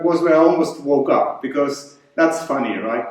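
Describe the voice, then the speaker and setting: A man with a German accent doing stand-up comedy, telling a story deadpan and chuckling along. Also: medium pitch, moderate pace. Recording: echoey hall from far off.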